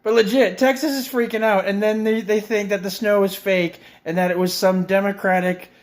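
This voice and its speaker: A man's voice: sits high, steady tone, moderate pace. A middle-aged man in a friend's house, ranting with heavy swearing, exasperated and sarcastic. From Canada. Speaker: vlogger. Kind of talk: profane comedic rant.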